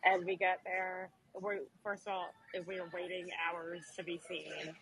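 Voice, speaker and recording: A woman in casual podcast chat, an animated storyteller who acts out the voices of the people she quotes. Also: on the low side, measured pace, vocal fry, rough recording.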